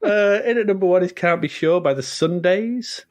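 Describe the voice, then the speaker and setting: A man's voice: high voice, moderate pace, no room sound, faint music behind. A man co-hosting a podcast, chatting casually about old chart songs, laughing often and restarting his sentences. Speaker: podcast co-host.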